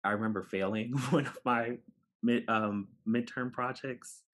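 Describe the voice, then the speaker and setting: A man from New York City, a podcast guest, telling a personal story in an animated way and acting out the dialogue. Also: medium pitch, measured pace. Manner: animated, acts out dialogue, laughs while telling.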